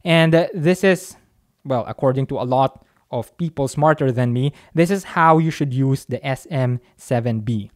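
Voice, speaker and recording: A man's voice: medium pitch, normal speed. A chatty man talks right up against a dynamic studio mic at a home recording setup. His delivery is offhand and conversational, with little jokes at his own expense as he walks through a mic test. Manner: chatty and offhand, with self-mocking asides. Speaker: microphone reviewer. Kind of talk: casual mic test demo. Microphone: dynamic studio mic, talking close.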